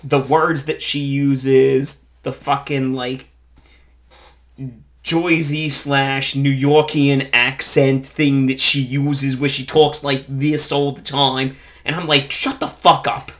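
A man's voice: medium pitch, flat delivery, slow pace, fairly bright tone. A man co-hosting a casual movie review chat, blunt and sarcastic, swearing freely. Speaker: podcast co-host reviewing a film.

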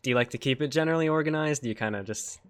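A man's voice: mid-range voice, rapid-fire, fairly bright tone. Curious American man hosting. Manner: curious, reads listener questions, laughs often. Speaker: podcast host. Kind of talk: casual interview chat.

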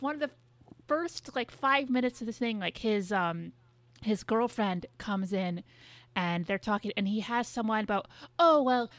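A woman's voice: on the high side, fairly bright tone, no echo. A woman co-hosting a podcast, telling stories in a rambling, exasperated casual way. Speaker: podcast co-host. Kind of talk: casual chat.

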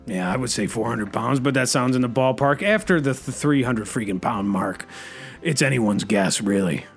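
Male comedy host, gravelly, anxious rambler. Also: mid-range voice, expressive, normal speed, soft background music. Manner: anxious, rambling, says freaking constantly. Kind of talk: improvised comedy bit.

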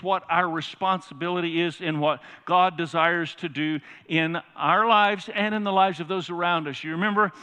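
A man's voice: sits high, pushed and bright, clean tone. A man preaching a sermon as pastor, emphatic and often putting questions to the congregation. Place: large church sanctuary. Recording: reverberant church hall.

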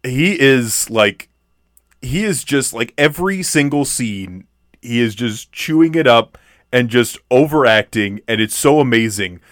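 With lively intonation and a slightly slow pace, a man with a mid-range, a bit bright voice co-hosts a podcast. He rambles through a casual film review, full of fillers and restarts. Clean studio sound, no echo.

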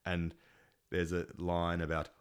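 A man's voice: sits low, measured pace, clean tone. A man telling stories in casual chat, swearing freely and acting out what people said. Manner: animated storyteller, swears freely, acts out quotes. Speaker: musician guest.

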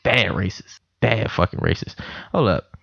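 A man's voice: on the low side, measured pace, gravelly, fairly bright tone, no room sound. A young man hosting a casual podcast, telling stories animatedly with voiced quotes, recorded at a computer in a house. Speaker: podcast host. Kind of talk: casual chat. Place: room in a house. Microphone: computer mic. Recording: dull lo-fi home recording.

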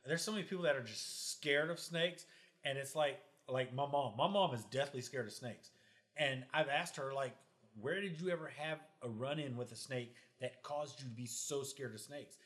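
A man's voice: mid-range voice, normal speed, fairly bright tone. A man in casual podcast chat, telling blunt, profane stories about snakes and people.

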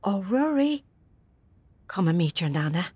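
A young actress with an Irish accent playing a nervous, gentle mother visiting her own mother in prison. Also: on the low side, sing-song, measured pace, husky, no echo, exaggerated voice. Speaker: daughter. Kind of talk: film drama acting.

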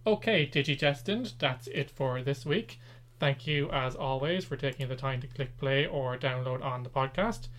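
A man with an Irish accent co-hosting a chatty podcast, reading show plugs in an even, announcer-like way. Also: mid-range voice, moderate pace. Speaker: podcast co-host. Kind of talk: casual chat with show plugs.

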